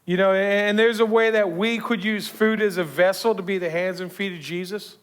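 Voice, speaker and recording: A man preaches in a loose, conversational way, sliding into the voices of the people in his story. His voice sits high for a man. He often restarts and repeats words as he goes. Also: fairly even intonation, moderate pace, a bit bright, clear, resonant tone. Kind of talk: sermon.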